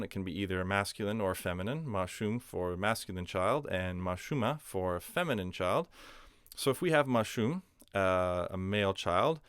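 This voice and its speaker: A man's voice: lowish voice, clear, resonant tone, dry recording, clean studio sound. A man explaining a language lesson in a patient, step-by-step way, with frequent fillers. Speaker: language teacher.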